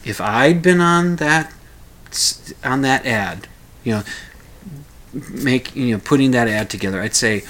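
A man's voice: mid-range voice, unhurried, pauses often, fairly bright tone. Rambling man chatting at home. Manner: rambling, hesitant storyteller. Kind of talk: casual spoken commentary.

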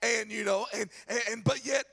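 A middle-aged pastor preaches a sermon in church, his high voice gravelly with a husky breathiness. He tells stories with animated energy at normal speed, breaking into shouted emphasis, his tone bright and forceful throughout.

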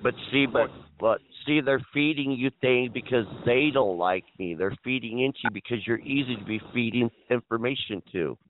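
A man's voice: mid-range voice, moderate pace, hardly any pauses, a little hiss or hum. A man on a chat line, lecturing the other caller and repeating his name over and over. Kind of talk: heated phone argument. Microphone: phone. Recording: tinny phone line.

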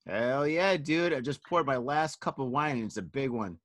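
A man with a mid-range, somewhat bright voice talks at normal speed with lively intonation, and there's no echo. Hosting a casual podcast conversation after some wine, he rambles through profane stories, dropping "dude" and "man" constantly.

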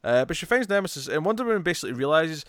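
A man's voice: a little high, big pitch swings, racing, fairly bright tone, dry recording. A man co-hosting a casual comic book review podcast, talking with enthusiasm and acting out characters' lines as he retells scenes. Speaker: podcast co-host.

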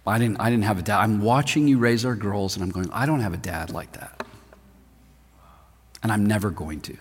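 A man's voice: on the low side, normal speed, husky. Man preaching in a reverberant hall. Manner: animated storytelling, swinging from loud emphasis to hushed near-whisper. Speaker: pastor. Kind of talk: sermon. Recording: long reverb of a large hall.

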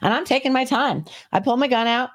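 A woman co-hosting a podcast, telling a story in casual chat, animated and swearing freely. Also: high-pitched, fairly quick. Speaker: podcast co-host.

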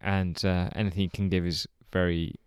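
A man's voice: sits low, little pitch movement, normal speed, smooth, no room sound. A man co-hosting a podcast, chatting casually and chuckling often. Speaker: podcast co-host.

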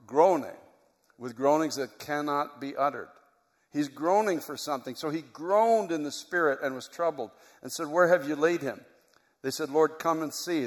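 Man pastor, sermon, fairly high voice, long church reverb. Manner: builds from quiet, reflective teaching to loud, high-pitched preaching.

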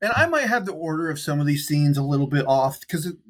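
A man with a slightly raised pitch talks through a film plot in casual conversation. He rambles, circles back on himself and leans on fillers as he goes. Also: big pitch swings, quick pace. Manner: rambling, lots of "like" and "um" fillers, laughs easily. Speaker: podcast co-host recapping a film. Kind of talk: casual chat.

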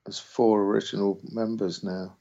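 Male musician, casual storyteller, raspy fry-edged voice, dull recording, swears often. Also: lowish voice, flat delivery, moderate pace, dark tone. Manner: rambling, swears freely, acts out quotes. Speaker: musician guest. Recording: dull lo-fi sound.

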